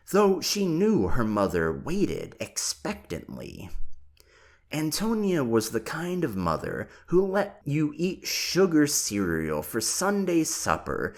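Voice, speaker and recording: An audiobook reader narrating a novel chapter in a slow, very expressive way. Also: mid-range voice.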